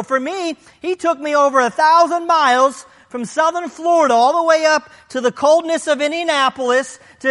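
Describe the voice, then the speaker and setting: Emphatic high-voiced preacher in a reverberant hall. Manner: emphatic, swings from loud declarations to hushed low passages; reads scripture aloud between points. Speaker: pastor. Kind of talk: sermon.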